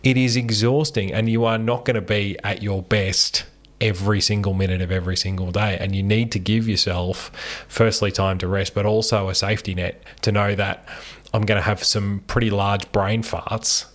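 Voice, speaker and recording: A man in casual podcast conversation, his voice sitting on the low side. He talks with wry, self-deprecating humour. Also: steady tone, moderate pace. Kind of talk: casual chat.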